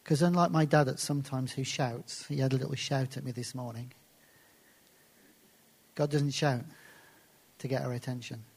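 A man preaching a sermon and reading scripture aloud, slowing down and dropping to soft, hushed phrases for emphasis. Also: medium pitch, steady tone, slightly rough.

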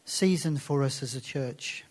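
Preaching and reading from scripture, this medium-pitched man emphasizes points by slowing his delivery and softening to hushed phrases.

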